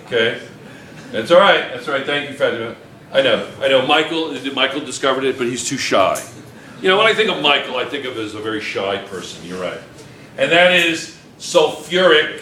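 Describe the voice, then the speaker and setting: A man's voice: medium pitch, lively intonation, moderate pace, pushed and bright, recorded from a distance, a little hiss or hum. A male chemistry teacher lecturing a class, repeating questions and calling on students by name. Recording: echoey classroom.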